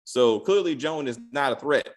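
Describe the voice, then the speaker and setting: A man hosting a casual TV episode recap, talking in an animated, profane, rambling way with frequent restarts. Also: mid-range voice, moderate pace. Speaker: host.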